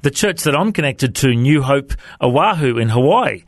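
A man's voice: mid-range voice, animated, moderate pace, dry recording, studio quality. A man with an Australian accent hosting an interview in a friendly, jokey way. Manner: friendly, jokey, says "mate". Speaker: radio host.

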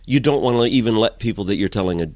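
A man, a guest in an interview, telling comic stories in an animated way, going from loud to hushed. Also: on the low side, fast, no echo. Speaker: guest, comedic storyteller. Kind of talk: casual interview chat.

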